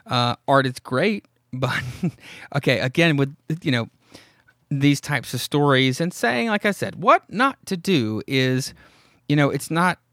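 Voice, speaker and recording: A man's voice: mid-range voice, expressive, unhurried, a bit bright, dry recording. Male podcast host, casual rambling retelling, fillers, dry close sound. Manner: rambling, frequent fillers and asides.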